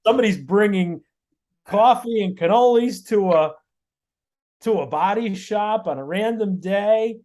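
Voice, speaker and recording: A man, a guest on an interview show, tells his stories in an animated way and often repeats words and restarts mid-sentence. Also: high voice, measured pace. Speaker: guest, auto body shop owner. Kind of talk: storytelling in a podcast interview.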